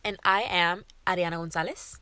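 A woman's voice: on the low side, steady tone, fairly quick, pushed and bright, a little hiss or hum. A young woman co-hosting a podcast, chatting casually, giggling and agreeing with her friend. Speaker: podcast co-host. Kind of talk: casual chat.

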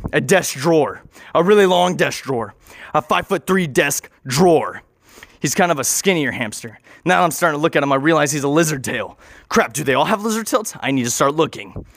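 Rambling, excitable man telling a wild tale. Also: a little high, dry recording. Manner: rambling, profane, excitable, acting things out. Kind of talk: improvised absurd storytelling.

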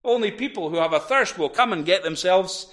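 Male minister, animated pulpit preaching, voice a touch high. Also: brisk. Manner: animated preaching, rising to loud cries in quotes. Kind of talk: sermon. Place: church.

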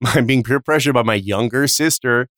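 A man's voice: mid-range voice, dry recording, clean studio sound. A man hosting a podcast, telling a long comic story in casual, profane chat with sudden jumps in voice. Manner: animated, profane storyteller with quick voice shifts. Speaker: podcast host.

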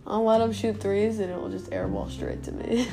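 A woman's voice: mid-range voice, very animated, normal speed, over music. A young woman hosting a casual solo podcast from home, rambling with self-mocking asides. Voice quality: creaky vocal fry. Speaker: podcast host.

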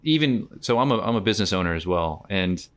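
Low-voiced American man chatting, smooth tone. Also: lively intonation, fast talker, fairly bright tone. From United States. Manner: rambling, laughs often, quotes others in little voices. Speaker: podcast guest. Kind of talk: casual podcast chat.

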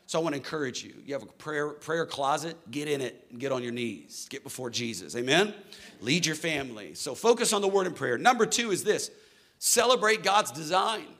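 A middle-aged man preaching a sermon to a church congregation, swinging from soft, slow lines to loud, fervent ones. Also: medium pitch. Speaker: pastor.

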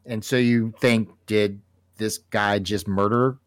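A man co-hosting a casual comic book talk show, animated and laughing often as he reads panels aloud. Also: on the low side, takes it slowly. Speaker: podcast co-host.

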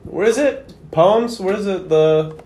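A man's voice: high voice, measured pace, a little mellow. A young man co-hosting a casual podcast chat, joking around and laughing often. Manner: joking, laughs often, reads lyrics in a mock-dramatic voice. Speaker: podcast co-host. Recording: roomy with faint background noise.

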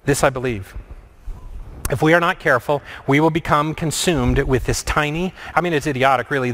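A man preaching a reflective sermon, asking many questions and moving between lively and hushed delivery. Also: medium pitch. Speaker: pastor.

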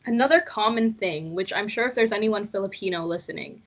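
A woman's voice: medium pitch, fairly quick. A young woman chatting casually on a podcast, giggly and full of fillers. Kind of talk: casual chat. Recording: dull lo-fi sound.

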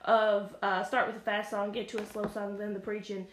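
A woman's voice: medium pitch, level tone, a little fast. A woman co-hosting a podcast, talking casually about church with fillers and restarts. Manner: rambling, many fillers and restarts. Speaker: podcast co-host. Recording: echoey room, faint noise.

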